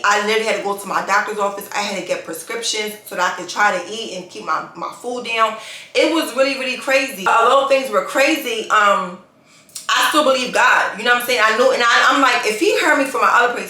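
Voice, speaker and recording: Woman vlogger, casual storyteller, animated and slangy, bright voice in an echoey room. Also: a little high. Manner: chatty and animated, with slangy asides.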